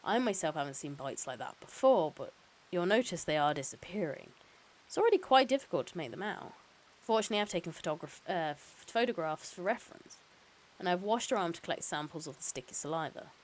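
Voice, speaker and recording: A woman reading the lines of a calm, careful male hospital doctor who explains things in a measured way. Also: on the low side, poor audio. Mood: calm explaining.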